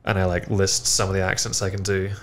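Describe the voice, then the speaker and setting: A man with a low, gravelly voice chats as a podcast guest, circling his thoughts with plenty of fillers and restarts. A faint hum of noise sits under the recording. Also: flat delivery, a bit bright. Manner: halting, with many restarts and filler words. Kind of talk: casual chat.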